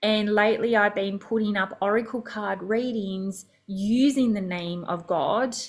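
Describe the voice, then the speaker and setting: Brief: woman podcast host, unhurried delivery, casual chatty storytelling, reflective. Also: mid-range voice, fairly even intonation. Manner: chatty and reflective, many fillers and small laughs.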